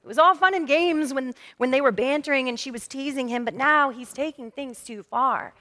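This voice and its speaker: A woman pastor preaching a sermon in a lively, conversational storytelling manner. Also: high voice, moderate pace, a little hiss or hum. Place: church sanctuary. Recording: long reverb of a church hall.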